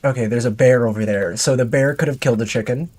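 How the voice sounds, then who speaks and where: A man's voice: mid-range voice, fast, a little mellow. Man musing aloud while playing. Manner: rambling, talks to himself and chat. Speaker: streamer. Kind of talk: casual gameplay commentary.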